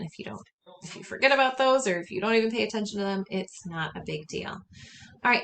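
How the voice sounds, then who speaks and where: A woman teaching a recorded lesson, speaking clearly and patiently and saying words slowly for students to repeat. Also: mid-range voice, a bit bright, a little hiss or hum. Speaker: Spanish teacher.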